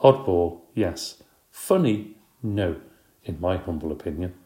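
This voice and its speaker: Man reading a storybook, mellow and low. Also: expressive, takes it slowly. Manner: wry, playful first-person telling. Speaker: audiobook reader. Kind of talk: storybook narration. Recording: roomy echo.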